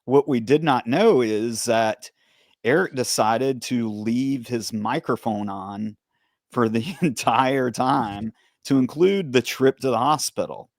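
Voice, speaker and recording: Male host, ex-officer, even mid voice, leads the interview calmly, dead-dry studio. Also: medium pitch, slow, no echo. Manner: steady, leading questions, recounting events. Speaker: podcast host, former police officer. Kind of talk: conversational interview.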